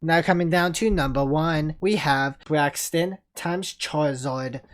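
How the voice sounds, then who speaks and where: A relaxed channel host talking through a ranked list in a loose, casual way. The delivery wanders and keeps returning to "you know" between points, in a medium-pitched voice. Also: measured pace. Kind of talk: casual ranking commentary.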